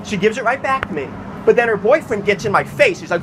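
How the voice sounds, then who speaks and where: Agitated, profane man, high voice. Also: lively intonation, a little fast, a bit bright, a little hiss or hum. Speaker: homeless activist telling his story. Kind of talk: recounting events to an official.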